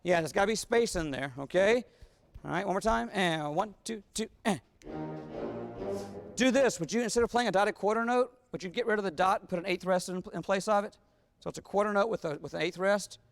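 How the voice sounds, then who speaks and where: A man's voice: sits high, quick pace, creaky. A man conducting a wind band rehearsal, talking players through phrasing and singing the rhythms on syllables. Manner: sings rhythms on syllables, coaxing and instructive. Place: large rehearsal hall. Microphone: wireless body mic. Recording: long hall reverb, band music behind.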